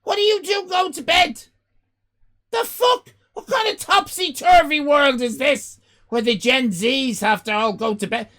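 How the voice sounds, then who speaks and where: An Irish man in his fifties hosting a live stream, loud and exclaiming, swearing and joking as he reacts to chat. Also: very high-pitched, normal speed. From Ireland. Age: 50s. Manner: loud, exclaiming, swears and jokes, rambling restarts.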